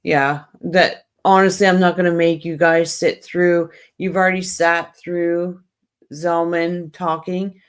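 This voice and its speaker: A woman's voice: on the low side, level tone, takes it slowly, smooth. A woman hosting a casual livestream, rambling in a friendly way and talking straight to her viewers. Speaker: livestream host.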